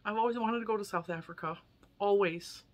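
A woman's voice: mid-range voice, a little fast. A woman in her forties from the US, chatting casually and emotionally while unboxing yarn gifts for her viewers. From United States. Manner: chatty, emotional, laughs often. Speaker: crochet YouTuber.

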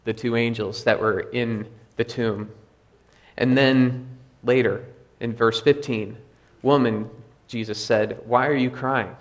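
A male pastor preaching in a church with a mid-pitched voice. He keeps a plain, conversational tone and returns to key phrases again and again to drive them home. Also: fairly even intonation, slow. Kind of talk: sermon. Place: church sanctuary.

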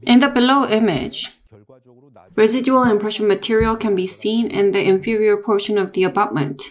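A woman narrating a technical dental lesson in a measured, explanatory way, with small restarts. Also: medium pitch. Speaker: dental lecturer.

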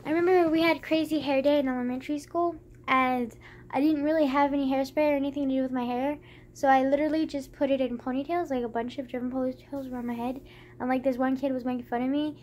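A young woman with a high voice talks straight to camera in a loose, rambling way. She giggles often and fills her sentences with "like" and "um". Faint room ambience sits under her voice. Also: fairly even intonation, quick pace, darkish tone, slight background noise. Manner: rambling, giggly, many fillers. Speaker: vlogger. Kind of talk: casual chat to camera.

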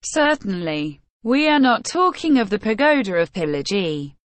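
A woman's voice: medium pitch, very animated, moderate pace, no echo, lightly acted. A woman voicing an officious male court clerk in an audiobook reading.

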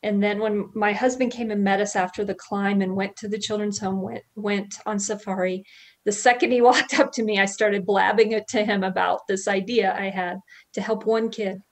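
A woman talks over a video call with an earnest, heartfelt warmth, now and then breaking into a soft laugh. Her voice sits at an ordinary middle pitch. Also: fairly even intonation, normal speed. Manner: earnest, heartfelt, laughs softly between thoughts. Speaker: guest. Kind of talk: personal faith testimony.

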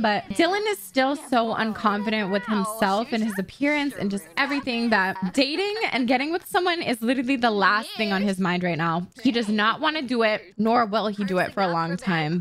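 A young woman narrating a life-sim let's play in casual, chatty commentary, swearing often and gasping loudly. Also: a little high, animated, brisk, few pauses, a crowd in the background.

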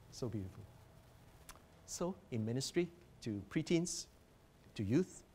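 A man's voice: medium pitch, darkish tone. A man presenting a teaching workshop as a professor, earnest and emphatic as he guides listeners through slides.

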